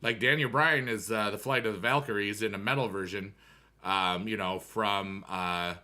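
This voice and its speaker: Here a talkative livestreamer answers his chat at a normal pace while he games, wandering off topic and humming musical asides. The lowish voice comes across pushed and bright.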